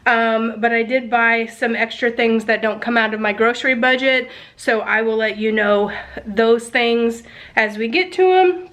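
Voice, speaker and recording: Woman, congested, higher voice, chatty with lots of ums, phone camera at home. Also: a little slow, a bit bright. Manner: chatty, many ums, self-deprecating. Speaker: family vlogger. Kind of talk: casual chat to camera.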